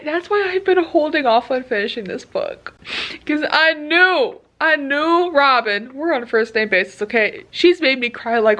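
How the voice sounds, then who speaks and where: A woman's voice: fairly high pitch, a bit bright. A young woman chatting in a casual book vlog at home at night, teary and emotional, laughing between words. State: teary, close to crying. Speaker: book vlogger. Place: home at night, dim room.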